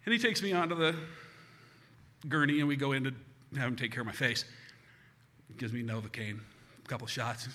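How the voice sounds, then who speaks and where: A man from the United States telling a comic story live, animated and self-mocking. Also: mid-range voice, brisk, long pauses. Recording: hall reverb with faint hiss.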